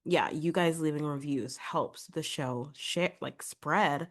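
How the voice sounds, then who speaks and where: A woman's voice: low voice, takes it slowly. A young woman hosting her singing podcast, chatty and upbeat, a little congested from a cold. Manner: chatty, upbeat, many filler "like"s. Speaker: podcast host and vocal coach. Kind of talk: casual solo podcast talk.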